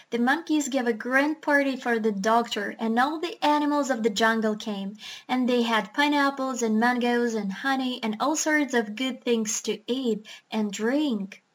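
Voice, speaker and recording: A woman reading a children's book aloud in a calm, measured storytelling manner. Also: on the high side.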